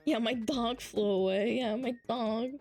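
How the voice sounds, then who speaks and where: A woman VTuber streamer chatting casually into a headset, animated and swearing often. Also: a little high, a little slow, soft background music.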